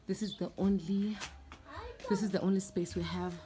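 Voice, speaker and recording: A woman's voice: medium pitch, fairly even intonation, normal speed, noisy background. A young South African woman vlogging in a casual, chatty way, complaining in an exasperated tone and talking straight to her viewers. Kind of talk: casual vlog chat to camera. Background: background music.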